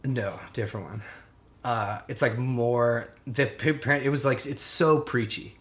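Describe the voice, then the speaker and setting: A young man chats loosely on a podcast, mid-pitched and full of fillers. He swears freely and keeps breaking into laughter as he tells a story. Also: a little slow, fairly bright tone. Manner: rambling, laughs often, swears, lots of fillers. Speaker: podcast co-host. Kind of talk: casual chat.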